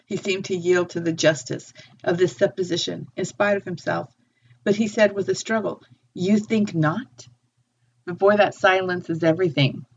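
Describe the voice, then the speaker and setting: A woman's voice: fairly low pitch, steady tone, moderate pace, gravelly, breathy edge. A woman teaching a literature lesson, explaining a text and reading quoted passages aloud with feeling. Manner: thoughtful, reads quotations with feeling. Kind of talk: lecture with read-aloud passages. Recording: dull lo-fi recording.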